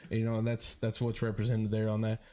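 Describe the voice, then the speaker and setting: A man, a guest talking about a charity bike ride in a halting way, full of fillers and restarts. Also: fairly low pitch, completely flat delivery, over a noisy crowd. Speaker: guest, board member of a first-responder charity ride. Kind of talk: casual interview talk.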